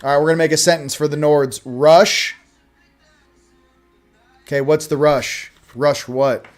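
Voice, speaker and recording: A male host giving a casual oracle card reading, with sarcastic joking asides and slow, emphatic stresses on the card words. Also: on the high side, steady tone, soft background music.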